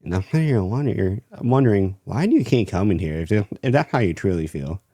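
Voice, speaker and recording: A young man rambling through a casual storytime about his retail job. His voice sits very low, with a dark, mellow tone. The sound is dry and close, full of fillers and restarts. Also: expressive, brisk, dry recording. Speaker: retail worker telling a story.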